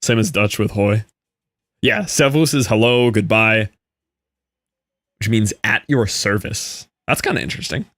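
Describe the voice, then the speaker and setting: Young American male streamer, low-ish, casual and rambling, dead-dry close mic. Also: measured pace, long pauses, fairly bright tone, no echo. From United States. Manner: rambling, explains things loosely with many "like"s. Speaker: gaming streamer. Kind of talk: casual chat while gaming.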